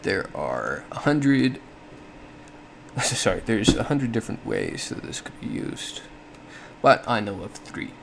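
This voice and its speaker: A man's voice: fairly low pitch, very animated, takes it slowly, creaky, heavy background noise. A man giving a casual explanatory monologue, thinking aloud with frequent self-corrections and small laughs. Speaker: solo podcast host.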